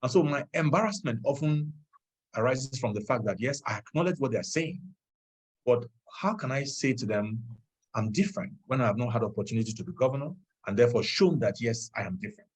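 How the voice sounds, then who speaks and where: A man's voice: mid-range voice, expressive, slightly rough. A Nigerian man, a political candidate, answering questions earnestly and with feeling over a video call. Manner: earnest, measured, openly moved.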